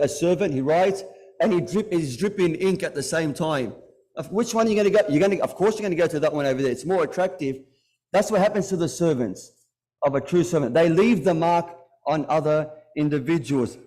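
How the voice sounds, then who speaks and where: A religious lecturer with a fairly high, warm voice delivers a Muharram majlis sermon. He speaks conversationally, asks the congregation direct questions, and retells stories by acting out the dialogue.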